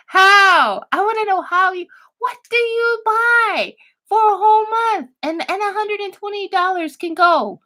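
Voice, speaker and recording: A woman's voice: extremely high pitch, expressive, a little slow, sharp tone. A woman vlogger, chatting casually and laughing often as she gossips and swears. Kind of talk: casual chat commentary.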